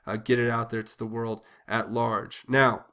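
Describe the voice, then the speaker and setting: A man's voice: medium pitch, little pitch movement, a little slow, bright, forceful tone. A man hosting a political commentary channel, speaking in an agitated, indignant monologue with frequent restarts and repetitions. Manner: agitated, indignant, repeats himself with many restarts.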